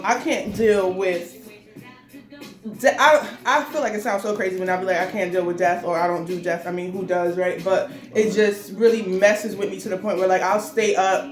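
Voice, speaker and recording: A woman co-hosting a casual mukbang chat, talking loosely with lots of fillers while she eats. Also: medium pitch. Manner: chatty, loose and rambling, full of fillers. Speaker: mukbang co-host. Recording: roomy echo.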